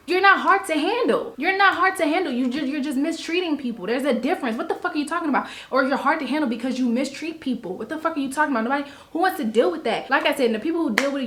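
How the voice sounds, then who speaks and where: A young woman making a vlog, ranting bluntly and with exasperation, swearing freely and mocking people in put-on quotes. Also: a little high. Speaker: vlogger. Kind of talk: blunt casual vlog rant.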